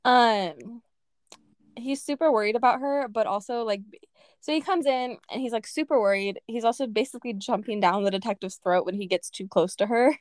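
A young woman co-hosting a casual book podcast, talking in an animated way with lots of laughs and fillers. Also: on the high side, normal speed, dry recording, clean studio sound. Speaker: podcast co-host. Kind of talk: casual book-review chat.

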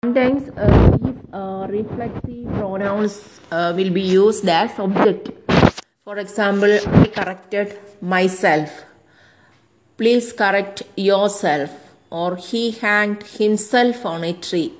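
A woman's voice: mid-range voice, slow, very noisy. A woman teaching an English grammar lesson, spelling out words letter by letter and working through example sentences.

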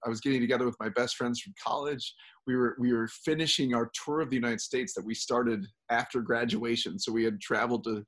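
A man hosting a casual podcast chat, rambling and friendly with many fillers. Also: mid-range voice. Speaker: podcast host.

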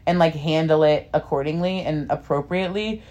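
A woman's voice: sits low, brisk, a little mellow, highs cut off. A young woman co-hosting a podcast, talking candidly in a rambling, filler-heavy way. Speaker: podcast co-host. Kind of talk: casual chat.

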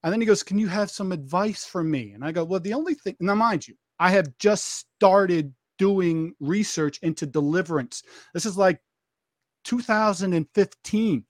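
A man with a high-pitched voice recounts a story in casual podcast conversation, acting out each quoted line and circling back with restarts as he goes. His voice is recorded close and dry, with no room sound. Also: moderate pace, no echo. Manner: vivid retelling, acting out quoted dialogue; frequent restarts and repeated phrases.

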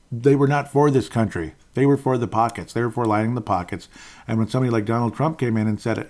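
A man's voice: lowish voice, darkish tone. A man in his forties giving a casual, rambling, opinionated political monologue, chuckling often. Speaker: political commentator.

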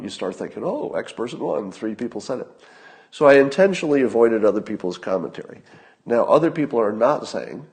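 A man hosts his own podcast with a loose, thinking-aloud commentary on politics. His voice sits low with a gravelly fry at the ends of phrases, and he wanders through his points with an easy chuckle. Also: darkish tone. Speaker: podcast host.

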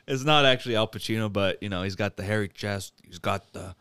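A man's voice: on the low side, normal speed, pushed and bright, clean tone, dry recording. A man hosting a podcast, casually recapping a comedy movie and laughing often as he tells it. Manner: laughs often while retelling. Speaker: podcast host.

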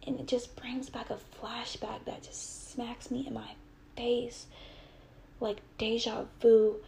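A woman's voice: a little high, flat delivery, slow pace, creaky, dark tone, a little hiss or hum. A young adult woman telling a personal story with earnest, heated retelling and quoted dialogue.

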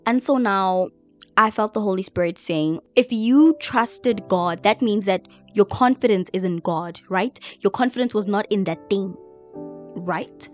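A woman's voice: medium pitch, a little slow, soft background music. A woman sharing a personal faith testimony in a chatty, emotional way, with a lot of "like". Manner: emotional, chatty, heavy use of "like". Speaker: vlogger.

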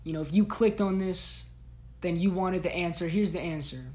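A woman's voice: lowish voice, moderate pace, a little mellow. A woman hosting a solo podcast, giving blunt, profane, slang-heavy tough-love talk. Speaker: podcast host.

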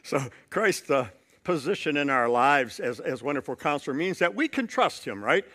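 Male pastor, high voice, sermon, storytelling, repeated emphasis. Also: very animated, moderate pace, bright, forceful tone.

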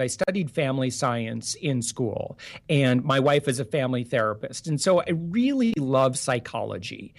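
A man talking as a guest on an interview podcast, earnest and animated, circling back with restarts and many fillers. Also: mid-range voice. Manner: earnest and animated, full of restarts and "you know". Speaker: podcast guest, business founder. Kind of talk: casual interview talk.

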